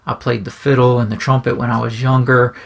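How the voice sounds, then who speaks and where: Casual songwriter man, gravelly voice, mid pitch, rambling and restarting, keeps asking "right?". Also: little pitch movement, fairly quick. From grew up singing bluegrass in churches. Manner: rambling, says "right?" often, restarts phrases. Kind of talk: casual explanatory talk to camera.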